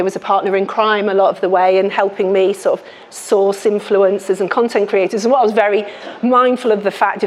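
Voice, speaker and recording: A woman's voice: medium pitch, slight background noise. Frank Scouse woman giving a talk. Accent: Liverpool (Scouse). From Liverpool, England. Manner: frank, chatty, many restarts and fillers. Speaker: author and health journalist. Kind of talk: book launch talk to a live audience. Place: lecture room with audience.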